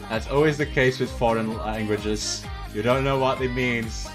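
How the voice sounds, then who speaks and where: A man's voice: mid-range voice, steady tone, normal speed, music in the background. A male VTuber streamer chatting casually, rambling and laughing often.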